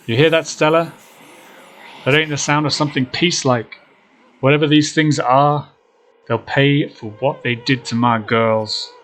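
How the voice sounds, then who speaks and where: A man voicing a gruff, protective older man with an American Southern accent, loud and drawling, in a game playthrough. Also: medium pitch, steady tone, a little slow, a little hiss or hum, voice pushed up, lightly acted. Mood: furious.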